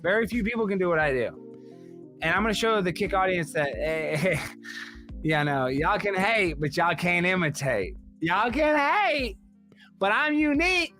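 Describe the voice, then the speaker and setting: A brash man hosting a casual livestream, reading viewer messages and breaking into sudden yelling outbursts. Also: fairly high pitch. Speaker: livestream host.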